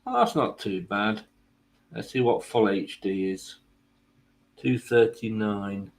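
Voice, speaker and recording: A man's voice: lowish voice, slow pace. A man hosting a football watchalong stream, mixing live match commentary with rambling, self-mocking jokes.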